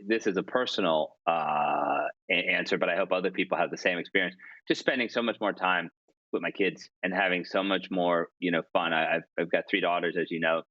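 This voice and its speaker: Chatty low-voiced man on a dull line. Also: a little fast, no room sound. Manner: chatty, self-deprecating, many restarts. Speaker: columnist and author, podcast guest. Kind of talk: casual storytelling interview.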